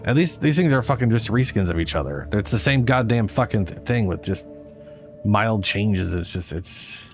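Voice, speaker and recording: Male streamer, lower voice, swears freely, rambling gaming commentary. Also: lively intonation, moderate pace, faint music behind. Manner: profane, ranting, self-correcting. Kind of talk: casual gameplay commentary.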